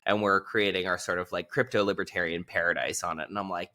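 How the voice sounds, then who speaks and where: Male interview guest, low-pitched and bright in tone, chatty and full of fillers. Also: fast, hardly any pauses. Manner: rambling and animated, heavy use of filler words. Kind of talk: casual conversational storytelling.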